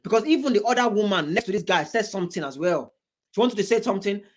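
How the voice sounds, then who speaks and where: A man hosting a reaction video, talking in an animated, emphatic way, with big swings in pitch and many repeated, restarted words. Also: fast. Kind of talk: reaction commentary.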